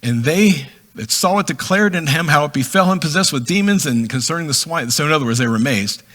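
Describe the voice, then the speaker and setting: Man, middle-aged, preacher, bright tone, casual bible teaching, chatty asides. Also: on the high side, expressive, brisk. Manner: reads scripture then explains it in a chatty way, acting out voices with laughs.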